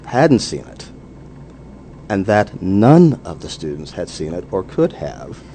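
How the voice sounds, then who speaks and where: Deep-voiced man telling stories on the radio. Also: warm tone, slight background noise. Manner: storytelling, frequent "you know" fillers. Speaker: guest. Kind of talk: radio interview conversation.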